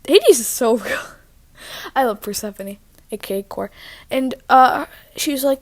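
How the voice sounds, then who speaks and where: Chatty woman vlogging from her living room, rambly, higher voice, dry close sound. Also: measured pace, vocal fry, no echo. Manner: rambling, chatty, self-interrupting. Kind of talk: casual storytelling vlog. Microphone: own microphone.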